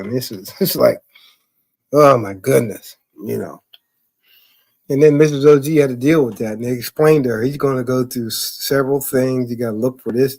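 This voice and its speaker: A man's voice: mid-range voice, darkish tone. A man telling loose, profane stories in casual chat, rambling with fillers and laughing often. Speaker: podcast talker.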